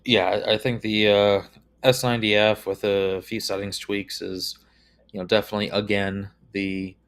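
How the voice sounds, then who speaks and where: A man who is a guest expert on a tech livestream, talking in a measured way with many "uh"s and "um"s. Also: on the low side, little pitch movement. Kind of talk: casual livestream chat.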